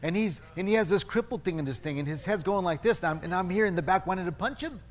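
A man's voice: high voice, fast. Male pastor preaching with conversational humor. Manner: conversational preaching, storytelling with self-mocking humor; restarts and self-corrections mid-phrase. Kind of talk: sermon.

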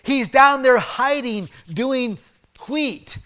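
A man preaching a sermon in a conversational way, swinging from emphatic bursts down to soft, hushed asides. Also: very high-pitched, animated, very slow. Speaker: pastor.

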